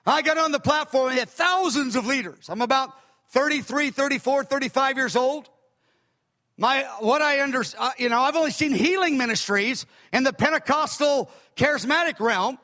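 Older male preacher, very high bright voice, emphatic storyteller, echoey hall. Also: normal speed. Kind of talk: sermon.

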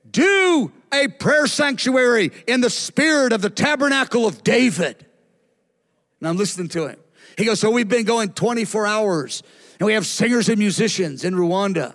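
A man with a high voice preaches to a gathering, telling stories with animated energy and acting out the lines of the people in them. His voice rings with the long reverb of a large hall. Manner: animated storytelling, acts out quotes. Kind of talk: sermon.

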